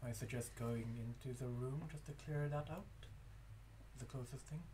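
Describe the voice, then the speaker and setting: A man's voice: medium pitch, normal speed, slight background noise. A man playing a tabletop game, talking casually in a chatty way, with many "like"s. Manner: chatty, lively, hedging with "like". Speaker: player.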